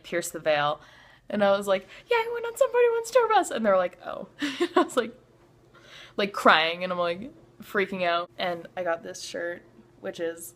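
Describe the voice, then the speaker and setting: Young Canadian woman, vlogger, gushing storyteller, heavy on "like", acts out the quotes. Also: on the low side. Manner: excitable, many filler "like"s, acts out quotes. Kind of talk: storytime vlog.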